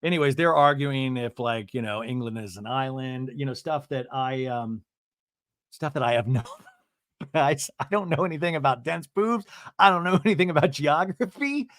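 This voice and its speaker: A man's voice: mid-range voice, normal speed, fairly bright tone, no echo. Self-mocking man recapping TV, dry sound. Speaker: podcast host. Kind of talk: comedic TV recap.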